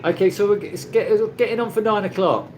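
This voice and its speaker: With a high-pitched, darkish voice, this English host talks fairly quickly while chatting ramblingly with his livestream viewers from a Philippine condo. He laughs frequently, and a little hiss or hum can be heard.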